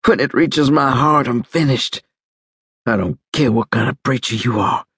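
A man's voice: medium pitch, moderate pace, a bit bright, breathy edge, dry recording, studio quality, pitched above the performer's own voice. A man voicing a badly wounded young soldier who pleads in pain, panicky and gasping. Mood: pleading.

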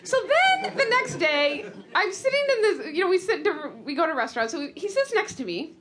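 A woman's voice: very high voice, fairly quick. A woman in her forties, a comedian, telling a rambling personal story live, laughing through it. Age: 40s. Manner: animated, laughing, rambling restarts.

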